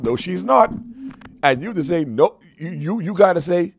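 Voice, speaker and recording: A young man doing a stand-up comedy routine, animated and slangy, on a stage microphone. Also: sits high, normal speed, no room sound, studio quality. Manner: animated, repetitive, slangy storytelling.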